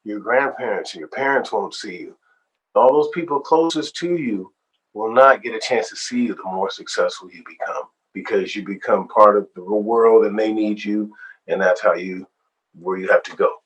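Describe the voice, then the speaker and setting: A man, a singer-songwriter, being interviewed and telling stories in an animated, expressive way. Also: lowish voice, moderate pace, husky, rough recording. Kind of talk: storytelling interview.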